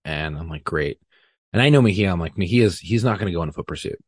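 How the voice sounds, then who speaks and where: A man with a low, husky voice tells a story in a loose, profane way, acting out each line people said. The sound is dry and close to the mic. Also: rapid-fire, no echo. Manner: profane, animated retelling with acted-out quotes. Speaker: podcast guest. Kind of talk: casual storytelling.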